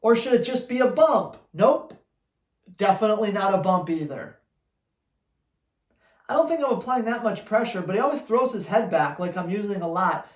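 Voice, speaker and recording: A man's voice: high voice, lively intonation, normal speed, long pauses. Man, dog trainer, blunt, teasing, roomy echo. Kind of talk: answering viewer questions.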